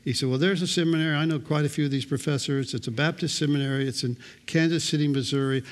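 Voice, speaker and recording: A man's voice: on the high side, fairly even intonation, quick pace. A middle-aged male pastor preaching a sermon, telling personal stories with dry, self-mocking humor.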